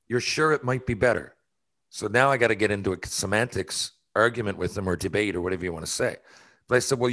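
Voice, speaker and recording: A man's voice: mid-range voice, a bit bright. A man hosting a podcast, ranting casually in an exasperated, argumentative way and laughing at himself. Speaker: podcast host.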